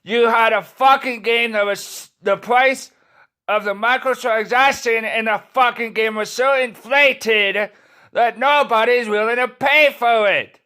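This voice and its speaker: A man with a very high-pitched, sharp yet clean voice rants furiously to the camera at an unhurried pace. He swears nonstop and keeps stumbling over his words, restarting his sentences.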